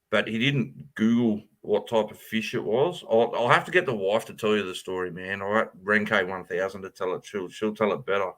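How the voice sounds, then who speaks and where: A man's voice: on the low side, a bit bright. A middle-aged man chatting casually, laughing often and swearing as he tells family stories. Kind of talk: casual chat.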